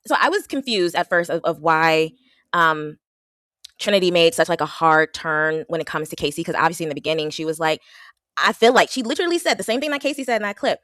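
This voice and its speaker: A woman co-hosting a casual reality TV recap, getting worked up and animated, her pitch jumping when she is indignant. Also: quick pace, no echo, clean studio sound. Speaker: podcast co-host.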